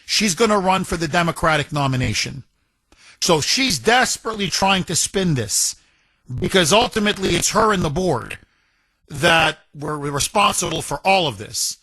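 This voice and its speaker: A man's voice: a little high, expressive, moderate pace, pushed and bright, dry recording. A man hosting a talk radio show, delivering an indignant, mocking monologue and mimicking the people he talks about.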